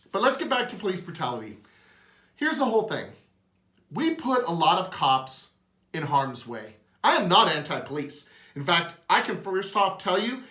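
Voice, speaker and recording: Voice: medium pitch, sharp tone, echoey room. A host giving an earnest, emotional opinion monologue.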